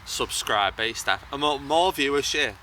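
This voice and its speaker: A man's voice: medium pitch, expressive, pushed and bright. Young guy rambling about acting outdoors, stops and restarts a lot, a bit distant, faint street noise. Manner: halting, restarting sentences. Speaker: interview guest, actor and YouTuber. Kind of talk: casual interview chat. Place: outdoors by a bridge.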